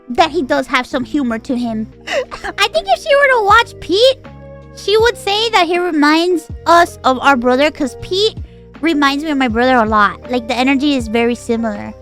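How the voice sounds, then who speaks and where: Giggly, dramatic woman streamer with a high voice, chatting casually over faint music. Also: normal speed. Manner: animated and giggly, with dramatic outbursts. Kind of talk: casual livestream chat.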